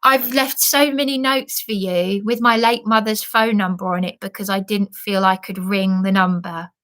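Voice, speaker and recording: A woman's voice: mid-range voice, steady tone, normal speed, fairly bright tone. A woman delivering an agitated vlog rant, repeating and restarting herself for emphasis. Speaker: vlogger. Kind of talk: emotional monologue rant.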